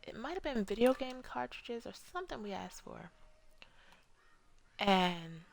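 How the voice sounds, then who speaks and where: Gravelly-voiced woman streamer, rambling chat. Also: a little high, very animated, measured pace. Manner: rambling, chatty storytelling, talks to viewers. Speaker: game streamer. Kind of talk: casual live-stream chat while building.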